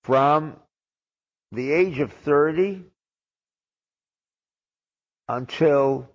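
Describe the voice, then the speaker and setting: Slow, gravelly rabbi preaching a sermon. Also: male voice, on the high side. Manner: wry and sarcastic, with rhetorical questions. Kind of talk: sermon on the weekly Torah portion. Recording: dull lo-fi old recording.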